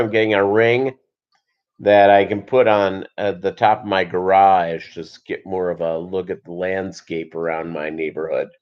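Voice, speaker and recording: Man, casual livestream host, rambling, jokey, filler-heavy, muffled lo-fi sound. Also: deep voice. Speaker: show host.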